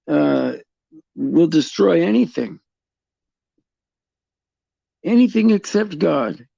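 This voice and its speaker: A middle-aged man hosting a casual faith talk for viewers, halting and repeating words as he restarts his sentences. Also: a little high, lively intonation, gravelly, dark tone, no echo, dull audio. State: tearful at times. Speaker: host.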